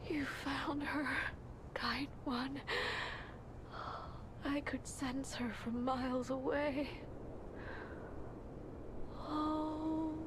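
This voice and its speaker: A woman voicing a tender mother reunited with her child in a video game, speaking softly and breathily in a slow, doting way. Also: high-pitched. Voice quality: soft, breathy, hushed. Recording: noisy game audio from a stream.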